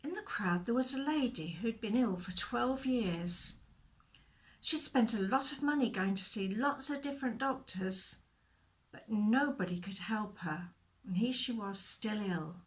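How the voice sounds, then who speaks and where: A woman leading a children's church talk, telling a Bible story in a gentle, expressive way and asking questions, recorded for video. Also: medium pitch, measured pace.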